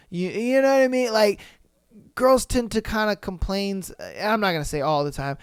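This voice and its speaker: A man's voice: high-pitched, moderate pace, smooth, no room sound, studio quality. A young man hosting a podcast, reacting in blunt, profane, joking casual chat. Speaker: podcast host.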